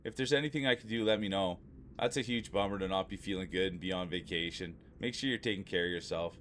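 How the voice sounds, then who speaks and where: Chatty male streamer with a low voice. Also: quick pace, fairly bright tone, slight background noise. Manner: chatty, friendly, repeats himself. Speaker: live streamer. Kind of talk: casual chat with live viewers. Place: at home.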